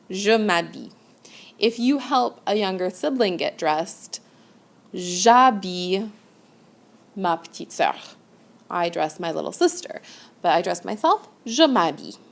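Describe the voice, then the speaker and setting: A woman teaching a recorded grammar lesson, talking at an unhurried pace in a mid-range voice. She explains each point step by step and keeps checking in with her students. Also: medium pitch, creaky. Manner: patient, explains step by step with frequent "okay?" checks. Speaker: French teacher.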